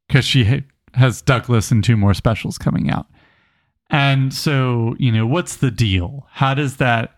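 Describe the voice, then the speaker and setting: A man co-hosting a casual book club podcast, an animated storyteller who reads passages aloud with emphasis. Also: mid-range voice, no echo, clean studio sound. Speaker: podcast co-host.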